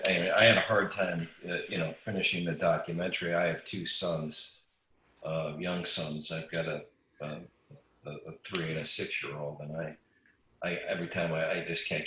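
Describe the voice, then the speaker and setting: A man's voice: deep voice, pushed and bright, roomy sound, low-quality recording. A man hosting a virtual Q&A who stumbles and restarts as he searches for words. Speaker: host. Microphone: video call.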